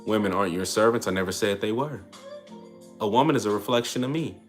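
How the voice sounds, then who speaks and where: A man's voice: on the low side, fast talker, soft background music. A young man, hosting a casual livestream and answering comments in a brash, slangy, trash-talking way. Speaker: livestream host.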